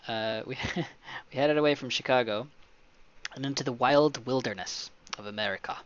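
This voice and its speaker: A man of middle pitch hosts a casual gameplay video. He reads the game's story passages aloud and keeps interrupting himself with joking, excitable asides. His voice comes through a slightly dull, lo-fi microphone. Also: normal speed, clean tone. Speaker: let's play host. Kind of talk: casual gameplay commentary, reading game text aloud.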